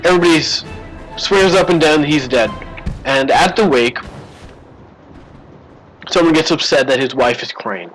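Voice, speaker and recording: A man's voice: a little high, animated, a little slow, long pauses, fairly bright tone, faint music behind, low-quality recording. Chatty man rambling over gameplay. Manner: rambling, chatty storytelling with fillers. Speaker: gaming streamer. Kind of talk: live gameplay commentary.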